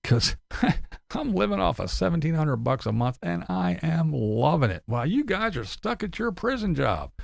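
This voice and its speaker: A man doing a high, nasal-sounding mockery of a griping older van dweller who whines through every sentence. The voice jumps up well above his normal pitch and swings all over the place, cursing as it complains. It sounds dry and close, with a gravelly edge. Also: big pitch swings, moderate pace, no echo, full character voice. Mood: smug. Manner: mocking, complaining, profane. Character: whiny, self-pitying older male van dweller.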